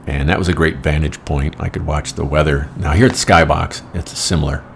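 Brief: middle-aged man, very low gravelly voice, rambling wry storyteller. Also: fairly even intonation, fairly quick, slight background noise. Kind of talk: casual anecdotal monologue.

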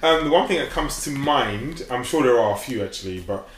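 A man telling a travel story in casual chat, measured and a little hesitant. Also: mid-range voice, lively intonation. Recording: echoey room.

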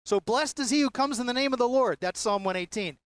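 A Bible teacher leading a class in a conversational way, posing rhetorical questions and jumping up in pitch to stress points. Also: a little fast, no echo, clean studio sound.

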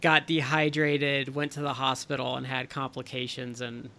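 Gravelly man speculating in casual chat. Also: medium pitch, monotone, normal speed, sharp tone.

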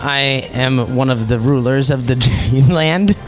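A man's voice: mid-range voice, unhurried, faint music behind, voice pushed down, close to an everyday voice. A man voicing a small male goblin king who speaks formally and grandly. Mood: regal. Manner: formal, stately speech.

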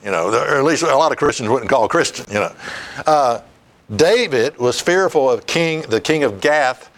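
A man's voice: fairly high pitch, big pitch swings, moderate pace, background noise. A man preaching a sermon, reading scripture aloud and laughing often as he talks. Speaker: pastor.

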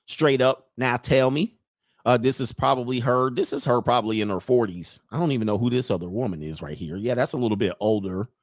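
Guy roasting pics in aave, slangy and mocking, mid pitch, dry close mic. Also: fairly quick, no echo. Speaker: commentator reacting to photos. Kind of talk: casual on-screen commentary.

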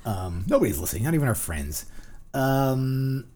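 A husky-voiced man in his forties with a New Jersey accent rambles through a casual podcast chat. His pitch swings widely as he rants, and he swears freely. Fillers and restarts pile up in his talk. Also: sing-song, normal speed, a little mellow. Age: 40s. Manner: rambling, profane, ranting with many fillers. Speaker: podcast co-host. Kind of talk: casual banter.

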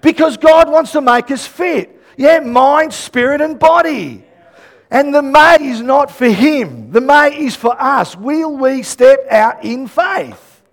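A man delivering a sermon in a strikingly high voice. He tells stories with lots of acted-out dialogue and bursts into shouts for emphasis. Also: slow. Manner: animated, acts out quoted dialogue, shouts emphasis. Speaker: pastor.

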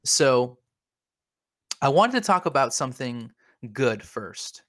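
A man's voice: mid-range voice, big pitch swings, takes it slowly, a bit bright, no echo, clean studio sound. Rambling mock-earnest man on a podcast. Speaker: podcast co-host. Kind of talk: comedic podcast banter.

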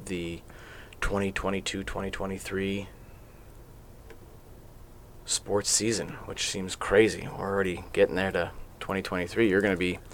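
Low-voiced rambling male podcast host. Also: flat delivery, moderate pace, a little hiss or hum. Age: late 30s. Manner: rambling, with frequent filler sounds. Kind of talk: casual sports interview. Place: podcast studio.

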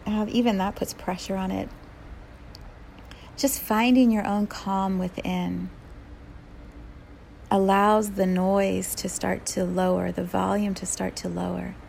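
A woman speaking gently and unhurriedly in a spiritual talk, her voice carrying a gravelly, fry-tinged texture. She laughs often and sometimes sinks into a whisper, with faint noise behind her. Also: medium pitch. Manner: drops to a whisper at times. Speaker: spiritual teacher.

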